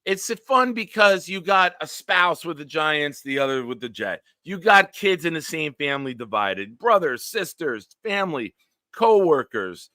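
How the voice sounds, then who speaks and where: A man hosts a casual sports talk livestream. He talks in an animated, joking way and slips into silly voices. His voice is bright and forceful, recorded dry and close. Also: fairly high pitch, a little slow, no room sound. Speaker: podcast host.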